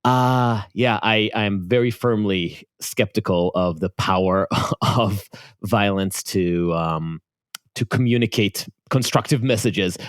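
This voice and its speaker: Speaking slowly in a lowish voice, a man with an Israeli accent co-hosts a casual podcast. He is thoughtful but hesitant, with many restarts, and the dry recording has studio quality.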